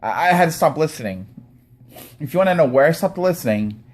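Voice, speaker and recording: Brief: male vlogger, sarcastic profane rant, lively pitch swings. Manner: angry, sarcastic, profane, fast rants. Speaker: YouTube commentator.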